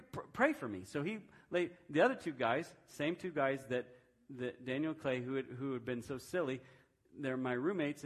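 A man in his fifties telling a personal testimony during a sermon, in a conversational storytelling manner with frequent restarts. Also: a little high. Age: 50s. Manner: self-described reserved personality. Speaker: preacher.

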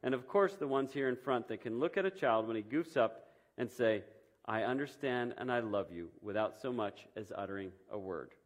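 A man's voice: mid-range voice, expressive, normal speed, natural voice. The lord as a patient proud maker, read by a man, earnest, voice rises a bit. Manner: earnest, explaining with fond pride. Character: patient, proud male Creator building mothers.

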